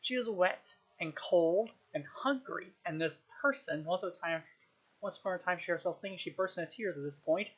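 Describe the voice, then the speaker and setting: A woman's voice: lowish voice, brisk, slightly rough, dull audio. A woman reading a novel aloud on a live stream, unpolished, with small restarts and chuckles.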